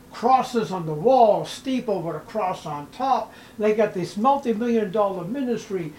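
A male pastor preaches with a high-pitched voice, swinging between hushed, drawn-out lines and raised, punchy ones. A faint hum of ambient noise sits under the sermon. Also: poor audio.

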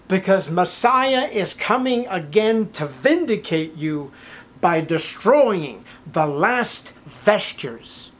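An older man preaching a sermon, reading scripture aloud and commenting with growing emotion. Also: high voice. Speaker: pastor.

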